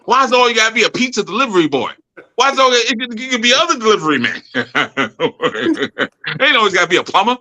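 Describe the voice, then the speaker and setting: A man's voice: high voice, sing-song, a little fast, bright, forceful tone. A man hosting a spiritual podcast, telling stories in a loose, slangy way and laughing often. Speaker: podcast host and spiritual teacher. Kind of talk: casual storytelling chat.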